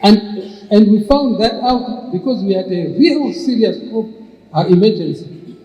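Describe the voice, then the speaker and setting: A man's voice: sits high, a little slow, dark tone. An older man telling long stories to an audience, with many restarts. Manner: anecdotal, with frequent restarts. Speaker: entrepreneur and speaker. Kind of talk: storytelling talk. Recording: muffled, echoey hall.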